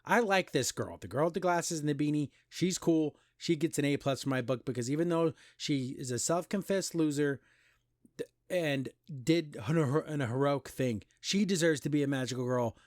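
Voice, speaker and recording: A man hosting a podcast, recapping and criticizing an animated pilot in casual, exasperated commentary with mocking quoted voices. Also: fairly high pitch, no room sound, studio quality. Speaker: podcast host reviewing an animation.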